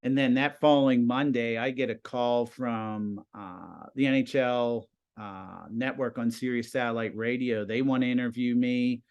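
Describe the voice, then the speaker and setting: A man in his fifties, a high school TV production teacher, telling stories casually as a guest and acting out the conversations he quotes. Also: measured pace, few pauses, clean tone, muffled recording. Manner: animated, acts out quoted conversations. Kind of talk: casual storytelling.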